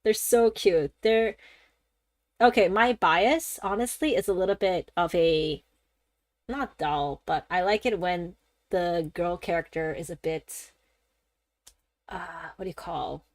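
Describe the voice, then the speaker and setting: A woman's voice: on the low side, slow pace, pauses often, no room sound. Chatty woman streamer with dry sound. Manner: rambling, animated, laughs often, swears casually. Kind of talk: casual gaming-stream chat.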